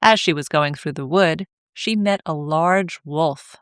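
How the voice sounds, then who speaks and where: A woman reads a fairy tale aloud for English learners, taking her time. Her voice is fairly low and her pace is very slow. The recording is close and dry. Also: fairly bright tone, clean tone, dry recording. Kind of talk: scripted story narration.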